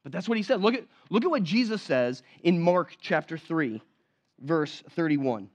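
A man's voice: fairly high pitch, lively intonation, moderate pace. A man preaching a sermon in a conversational way, often checking in with his congregation. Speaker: pastor. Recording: slightly dull, lo-fi sound.

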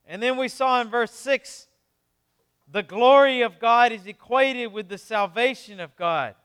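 This sermon comes from a pastor whose voice rings clear and resonant. He talks conversationally, dropping in fast asides, and moves back and forth between subdued, low sections and emphatic bursts.

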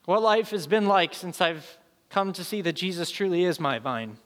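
Brief: male pastor in his thirties, sermon storyteller, bright tone, long hall reverb. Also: high-pitched, moderate pace. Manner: animated storyteller, acts out voices.

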